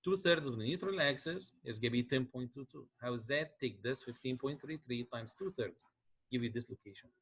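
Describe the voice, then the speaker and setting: Man lecturing with a husky voice. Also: medium pitch, brisk, fairly bright tone. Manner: explains step by step, asks checking questions. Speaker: engineering lecturer. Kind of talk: classroom lecture.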